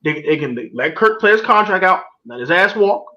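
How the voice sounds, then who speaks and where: Animated, bright-voiced man talking sports. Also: high-pitched, moderate pace, muffled recording. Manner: animated, emphatic storyteller, repeats himself. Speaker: podcast co-host. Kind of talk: casual sports talk.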